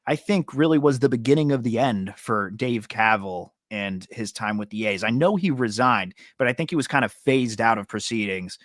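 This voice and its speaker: A relaxed man hosting a sports talk podcast, his voice sitting in an ordinary middle pitch. He talks easily and teases his co-host now and then. The recording is dry and close. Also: moderate pace, hardly any pauses, no echo.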